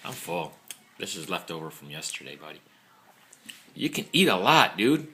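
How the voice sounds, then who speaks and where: A man's voice: low-pitched, very animated, moderate pace, bright, forceful tone, slight background noise. A father chatting playfully with his young child over a meal at home, teasing and coaxing, recorded on a phone set on the table. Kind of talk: casual chat with his child during a meal. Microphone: phone propped up on the table.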